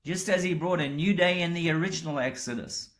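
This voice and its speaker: A man preaching a sermon in a measured way, rising in pitch when voicing the characters' astonishment. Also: fairly bright tone. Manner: slow, measured delivery that rises when voicing the disciples' astonishment.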